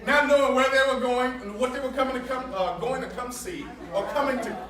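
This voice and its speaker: A man giving an energetic, preacher-like motivational talk at a sales training, leading call-and-response and joking with the audience. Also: very high-pitched, measured pace. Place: large hall with a live audience. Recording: echoey hall with crowd noise, from far off.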